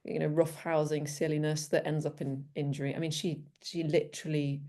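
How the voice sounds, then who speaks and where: Low, mellow woman dog trainer. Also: level tone, brisk. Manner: bubbly, laughs often, acts out dogs. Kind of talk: casual expert interview.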